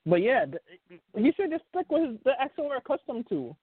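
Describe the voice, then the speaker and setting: Man, high voice, casual wrestling talk, rambling with restarts, tinny dry phone line. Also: sing-song, brisk, breathy edge, no echo. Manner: rambling, frequent fillers and restarts. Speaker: podcast host. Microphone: phone call.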